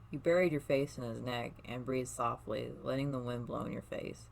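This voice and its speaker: A storyteller reading a second-person fan story aloud, soft-spoken, with small slips and restarts. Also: medium pitch, steady tone, moderate pace, creaky, few pauses, a little hiss or hum, low-quality recording. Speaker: fan fiction reader.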